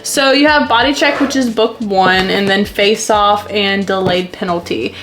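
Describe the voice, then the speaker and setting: Excitable girl in her 20s rambling about books she loves, super gushy. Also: mid-range voice, unhurried, faint music behind. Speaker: book vlogger. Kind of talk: casual chat to camera.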